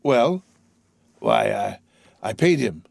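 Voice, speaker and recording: A man voicing a gentle, humble old father who speaks softly and modestly. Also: fairly low pitch, wildly swooping pitch, takes it slowly, creaky, no room sound, studio quality, full character voice. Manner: gentle, soft-spoken.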